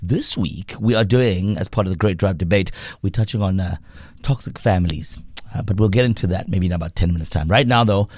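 A man's voice: low-pitched, brisk, no room sound. A South African man co-hosting a drive-time radio show, joking and teasing his co-host. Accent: South African English. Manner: laughing, teasing, animated. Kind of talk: casual radio banter. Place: radio studio.

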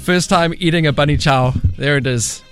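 A man hosting a radio show, asking questions in an enthusiastic, lively way. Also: on the high side, moderate pace, over music. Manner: lively, enthusiastic, laughs often. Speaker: radio host. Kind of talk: upbeat radio interview. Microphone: studio mic.

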